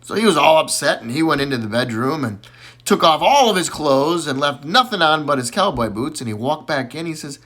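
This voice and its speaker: Lively folksy man telling jokes. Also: on the high side, brisk. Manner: folksy storyteller, plays each character with a raised voice. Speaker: joke teller. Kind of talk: casual joke telling.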